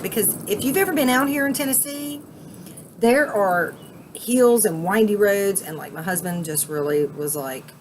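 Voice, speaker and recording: Woman, casual vlog, excitable and rambling, lowish voice, faint outdoor background. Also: a little fast, slight background noise. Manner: chatty and excitable, rambling with fillers. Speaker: vape vlogger. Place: outdoors at a rural cabin.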